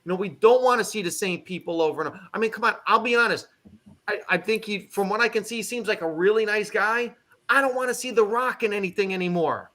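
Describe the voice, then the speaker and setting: A man talking as a comedian guest in casual chat, animated and joking with emphatic repeats. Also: high-pitched, fast.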